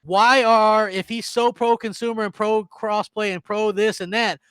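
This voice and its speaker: Fired up guy ranting on a gaming podcast, kinda high voice, dry mic. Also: fairly even intonation, normal speed, fairly bright tone, clean tone, no room sound. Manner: fired up, ranting, rhetorical questions. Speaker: podcast co-host. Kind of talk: heated gaming podcast chat.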